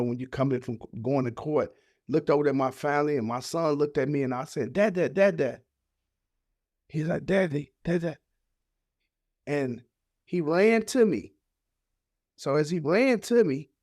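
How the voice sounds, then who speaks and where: A man's voice: on the high side, a little mellow, no room sound, clean studio sound. A man, a podcast guest, telling an emotional personal story in casual, heartfelt speech. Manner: casual, heartfelt, acts out voices of family in his story.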